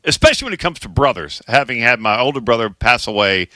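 An excitable man co-hosting a sports talk show, with a very bright, sharp tone and a lively, rising pitch. He talks casually, stumbling over his words, in a dry, close sound. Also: quick pace, dry recording. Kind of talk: casual studio chat.

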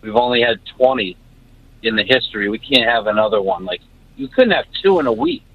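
A man calling in to a sports radio show, eager and a little halting. His mid-range voice comes through dull over a phone line. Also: medium pitch, big pitch swings, vocal fry, crowd noise. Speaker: caller. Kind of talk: call-in talk.

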